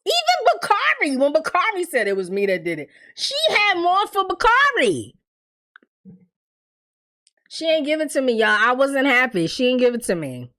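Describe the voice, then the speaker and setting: A woman with a slightly high voice rants through a TV episode recap, blunt, profane and animated. She talks straight to her viewers and laughs often between points. It is loose, opinionated chat. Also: normal speed. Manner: laughs often while talking. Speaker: TV recap reviewer. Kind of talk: casual, opinionated recap talk.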